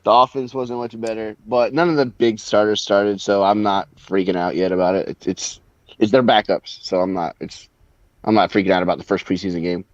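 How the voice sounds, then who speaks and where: Blunt, laughing guest on dull mic. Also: male voice, lowish voice, fairly even intonation, brisk, no echo. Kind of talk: casual banter.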